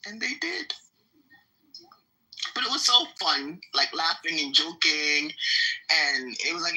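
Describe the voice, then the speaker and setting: A woman telling a story in a casual voice chat, excitable and slangy, acting out what people said. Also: low-pitched, slow pace, long pauses, poor audio. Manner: excitable, slangy, acts out quotes.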